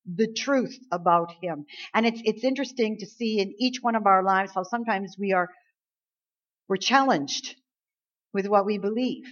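A woman's voice: medium pitch, normal speed, highs cut off. A woman preaching a sermon, earnest and emphatic, quoting scripture and building to stressed points.

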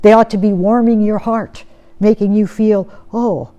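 Earnest woman preaching a gentle sermon. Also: mid-range voice, flat delivery, moderate pace, highs cut off. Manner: earnest, asks rhetorical questions, often drops to soft tones.

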